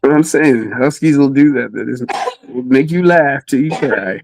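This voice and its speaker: A man chatting casually on a livestream, laid-back and swearing, acting out quotes in a high voice. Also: moderate pace, vocal fry, background noise. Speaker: co-host.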